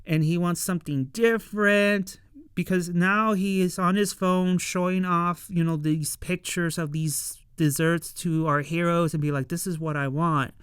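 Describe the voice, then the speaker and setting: A casual reviewer talking through a TV episode at a slow, easy pace. The voice is very smooth and clean, recorded dry and close with no room sound. The talk rambles through fillers and slips into quick impressions of the characters. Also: mid-range voice, steady tone, no room sound. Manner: rambling, many fillers, acts out characters' lines.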